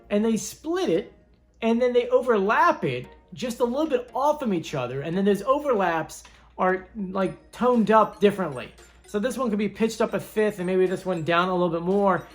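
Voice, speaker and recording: A woman talks through her theories in a casual commentary, wandering and hedging as she thinks aloud. Her voice sits in a middle pitch, and soft music plays quietly behind her. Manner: chatty, thinks aloud, hedges often. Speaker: video host.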